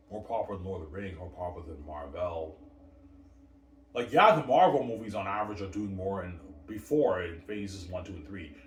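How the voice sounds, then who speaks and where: Low-voiced man, bragging on repeat, distant mic, echoey space. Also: a little hiss or hum. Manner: boastful and repetitive, keeps calling to viewers. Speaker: livestream host. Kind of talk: casual solo livestream chat.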